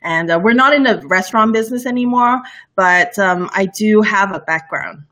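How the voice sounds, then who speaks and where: A chatty woman from Borneo in her thirties, with a light Bornean lilt mixed with bits of other English accents. She talks in a loose, rambling way, restarting sentences and laughing often. Her voice sits at a middle pitch for a woman. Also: normal speed, pushed and bright. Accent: light Bornean lilt with mixed international English. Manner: chatty and giggly, many fillers and restarts. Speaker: livestream cooking show host, guest. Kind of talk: casual interview chat.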